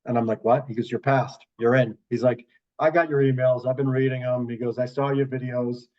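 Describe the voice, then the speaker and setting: Brisk and steady in tone, this medium-pitched man comes through a recording with the highs cut off. He's a Boston-area comic on a podcast, spinning meandering, foul-mouthed stories and performing the quoted voices himself.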